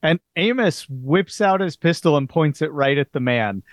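A man narrating as game master in a relaxed, chatty way with many fillers. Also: on the high side, moderate pace, no echo.

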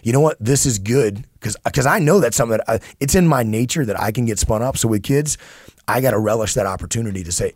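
A man in his thirties talks things through on a podcast in an earnest, halting way, doubling back on his words as he thinks. His voice is husky and a little breathy. It sits close and dry on the mic. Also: medium pitch, a little mellow, no room sound. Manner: earnest, many restarts and repeated words. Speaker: podcast co-host. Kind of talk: casual conversation.

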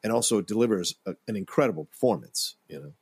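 A man co-hosting a casual movie-review podcast who tells anecdotes in a rambling, animated way. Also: on the low side, quick pace, slightly rough, no room sound. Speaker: podcast co-host.

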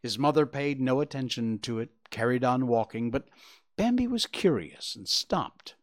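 A man reading a children's story aloud with expressive, gentle narration. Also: medium pitch, normal speed.

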